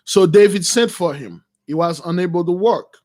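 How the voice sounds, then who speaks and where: A man preaching, retelling a Bible story in loose slangy talk and acting out the characters with shouts and laughs. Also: high-pitched, normal speed.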